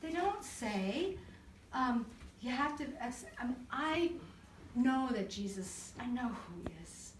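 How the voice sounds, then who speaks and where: A woman counselor talking to a church group, telling stories in an animated way, acting out voices and laughing often. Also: a little high, slow, slight background noise. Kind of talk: church talk to a live group. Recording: echoey room recorded from far off.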